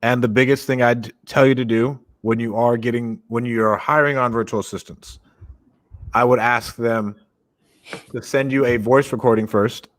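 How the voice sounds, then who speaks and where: A young man co-hosts a casual podcast and speaks in a direct, energetic way. He sounds like he is coaching a team of callers. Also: mid-range voice, normal speed. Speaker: podcast co-host.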